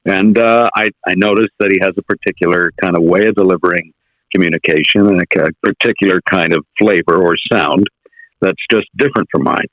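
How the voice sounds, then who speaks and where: A man's voice: low-pitched, a little fast, no room sound, muffled recording. An American man talking as a guest in a casual interview, reflective and circling back to rephrase his points. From United States. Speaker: guest impressionist.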